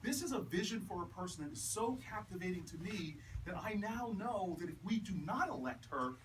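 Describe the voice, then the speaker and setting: A man delivers a political stump speech to a room of supporters, mixing earnest appeals with a punchy story. He is picked up from across the room, and steady background noise sits under his voice. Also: sits high. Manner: rising from measured to loud, laughing punchlines. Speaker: politician speaking at a campaign event. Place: house party, indoors. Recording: distant mic with background noise. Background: crowd laughter.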